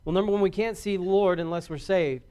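A man preaching a sermon as a pastor, folksy and rising louder on key points. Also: high-pitched, quick pace, smooth.

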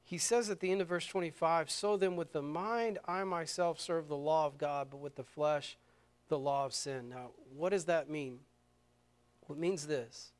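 Pastor, male, middle-aged, high and clear voice, preaches with big swings between hushed and fervent. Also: moderate pace. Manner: swings from quiet and intimate to loud and fervent. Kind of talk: sermon. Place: church sanctuary.

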